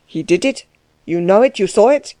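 A woman voicing a gruff, overbearing middle-aged man who questions people curtly and pushily in a storybook reading. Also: medium pitch, animated, moderate pace, dark tone, no room sound, close to an everyday voice. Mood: menacing. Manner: curt, pushy questioning.

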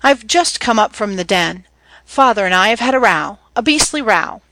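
A woman's voice: mid-range voice, animated, normal speed, a bit bright, dry recording, low-quality recording. A woman reading as a young man, a teasing yet protective older brother who talks in a breezy, slangy, earnest way.

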